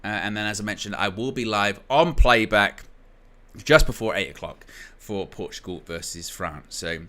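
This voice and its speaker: During a football watchalong stream, a young man keeps up casual, joking chatter and reads out chat comments. His low-leaning voice is pushed and bright, moving at a moderate pace.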